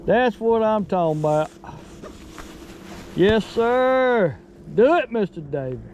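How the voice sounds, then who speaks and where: A middle-aged man, giving excited, folksy commentary while fishing from a boat outdoors. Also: sits high, takes it slowly, a little hiss or hum. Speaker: fishing vlogger.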